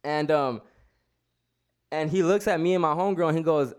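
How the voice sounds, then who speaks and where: A man's voice: a little high, moderate pace, pauses often, smooth. A man telling a story in casual chat, rambling with lots of slang and restarts.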